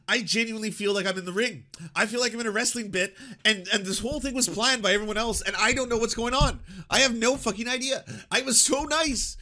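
A man's voice: very high voice, fast, few pauses, sharp tone. A man reacting to clips in casual commentary, exasperated and incredulous, swearing and laughing in disbelief.

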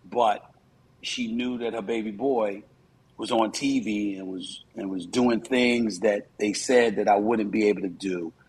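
A man's voice: on the low side, fairly even intonation, unhurried, a little mellow, breathy edge, low-quality recording. A man in his fifties, a commentator, giving earnest, reflective interview answers with frequent fillers.

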